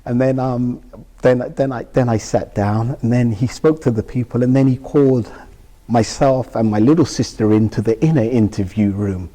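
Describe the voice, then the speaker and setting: Very dark-voiced Englishman telling his story. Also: mid-range voice, normal speed, long reverb tail. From United Kingdom. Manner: vivid retelling that acts out dialogue. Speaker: interview guest. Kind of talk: emotional personal storytelling.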